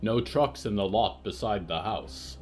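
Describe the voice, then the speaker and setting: Male narrator, low voice, slow and measured, dark fiction podcast. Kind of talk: scripted narration of horror fiction.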